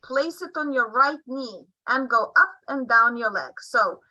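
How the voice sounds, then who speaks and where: A woman teaching a group, giving slow and careful instructions and repeating each phrase for them. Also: fairly high pitch, animated, bright, forceful tone, dull audio. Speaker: neurology instructor.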